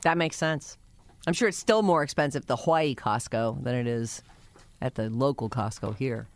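A woman's voice: very deep voice, normal speed. A middle-aged woman co-hosting a radio show, chatty and playful in casual banter. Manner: chatty, playful, laughs easily. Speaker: radio co-host.

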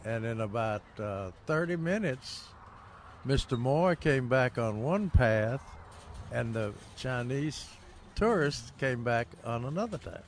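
A man's voice: medium pitch, lively intonation, slow, slight background noise. An older man co-hosting a gardening radio show, telling rambling stories with lots of fillers and chuckles. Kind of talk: casual radio chat.

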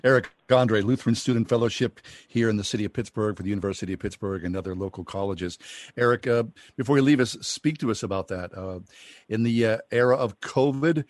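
A man's voice: mid-range voice, a little mellow, no room sound. A man hosting a radio interview, affirming the guest and guiding the talk. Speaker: radio host.

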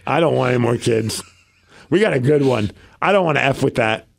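Animated joking male podcast co-host. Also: medium pitch, a little fast, vocal fry. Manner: jokey, animated banter. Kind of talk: casual chat.

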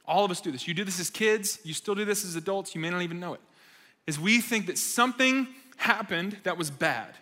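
Brief: male youth speaker, high register, storytelling sermon with jokes, reverberant church hall. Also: a little fast, sharp tone. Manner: conversational storytelling, emphatic, self-deprecating humor. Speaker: speaker at a young adults' church gathering.

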